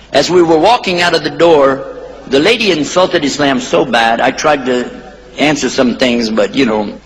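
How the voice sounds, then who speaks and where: A man's voice: mid-range voice, fairly bright tone, long reverb tail, a little hiss or hum, poor audio. A man giving a playful Islamic lecture to a live audience, drilling them to repeat words back.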